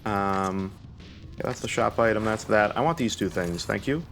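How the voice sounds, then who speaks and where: A gaming YouTuber, a young man, talks to himself in rambling, panicky live commentary as he plays a video game, letting out nervous laughs. His voice sits fairly low with a fairly bright tone, moving at a moderate pace over soft background music.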